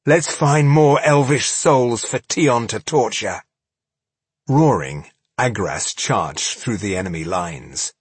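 An audiobook narrator reads fantasy fiction aloud in a dramatic, measured storytelling style. His husky voice sits on the low side, with no room sound.

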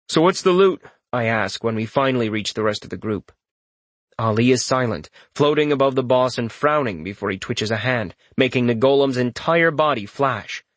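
Male narrator, mid-pitched, steady first-person storytelling, dead-dry booth sound. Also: dry recording. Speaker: audiobook narrator.

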